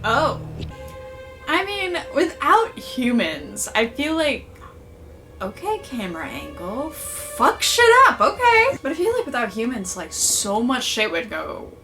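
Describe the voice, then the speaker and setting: A woman's voice: on the high side, huge pitch swings, slow pace, bright, forceful tone. A woman giving casual reaction commentary, emotional, exclaiming and swearing often. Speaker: reaction video host. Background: episode audio and music.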